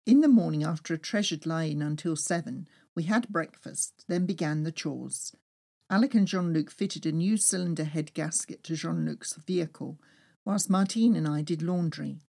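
A woman reading her own travel memoir aloud with lively, expressive storytelling. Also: sits low, moderate pace, gravelly. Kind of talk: first-person memoir reading.

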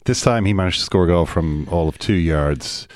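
A man's voice: deep voice, brisk, dry recording, clean studio sound. A man co-hosting a podcast, chatting casually about football in a rambling way and often restarting his sentences. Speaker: podcast co-host.

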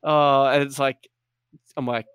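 A man in casual gaming chat, animated and swearing often, acting out little voices. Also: medium pitch, moderate pace, no echo, studio quality.

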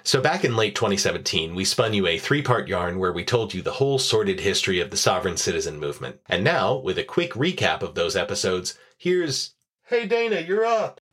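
A man's voice: low-pitched, very animated, quick pace, few pauses, fairly bright tone, breathy edge. A man hosting a podcast, reading scripted narration with sardonic, profane commentary. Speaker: podcast host.

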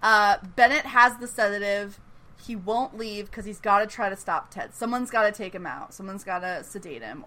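A woman giving a casual, animated episode recap, chatty and full of "like" and "you know.". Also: mid-range voice. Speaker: podcast host recapping a TV episode. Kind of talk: casual chat.

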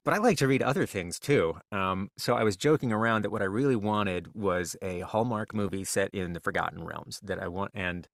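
A man chatting as a podcast guest author, relaxed and self-deprecating with a joking manner. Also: fairly low pitch, fairly quick, gravelly, hardly any pauses, no room sound, clean studio sound. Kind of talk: casual interview chat.

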